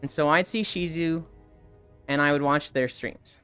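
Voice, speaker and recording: A woman streamer telling a casual story on a live stream, animated and swearing freely. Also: deep voice, unhurried, smooth, faint music behind. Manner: animated, profane anecdote-telling.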